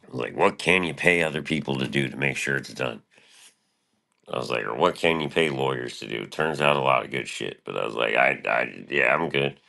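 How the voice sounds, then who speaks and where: Very deep-voiced rambling male streamer. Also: brisk, gravelly, pushed and bright. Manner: profane, meandering, laid-back. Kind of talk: casual rambling monologue.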